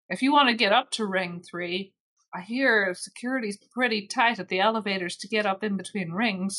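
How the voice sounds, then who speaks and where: A folksy, unflappable one-armed space captain, as a woman game master puts her on, in a tabletop game. She talks in a plain, matter-of-fact drawl at a middling pitch, laying out her advice without fuss. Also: a bit bright, close to an everyday voice.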